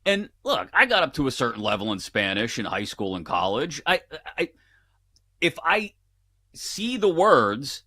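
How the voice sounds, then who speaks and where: A man, a guest on a casual sports betting show, telling playful animated stories. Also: medium pitch, unhurried.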